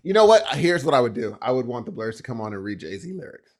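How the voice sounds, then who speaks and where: A middle-aged man co-hosting a podcast, talking in casual, animated bursts of storytelling. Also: mid-range voice, quick pace, soft background music. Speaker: podcast co-host. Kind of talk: casual chat.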